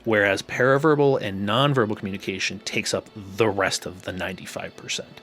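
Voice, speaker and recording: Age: adult. Sex: man. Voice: low. Style: chatty therapist co-host. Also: a little fast, a bit bright. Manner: loose and chatty, full of fillers. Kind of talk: casual podcast chat.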